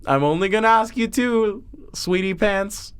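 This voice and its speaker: Guy doing a high whiny riddle troll, slow and halting, insecure. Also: fairly bright tone, smooth. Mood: smug.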